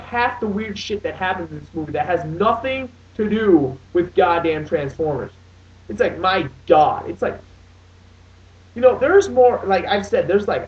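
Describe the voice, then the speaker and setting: A man's voice: sits high, a little mellow. A young man in his late teens ranting in a casual movie review, swearing often and restarting his sentences. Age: young adult. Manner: profane, exasperated, rambling with many restarts. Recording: dull lo-fi sound, distant from mic.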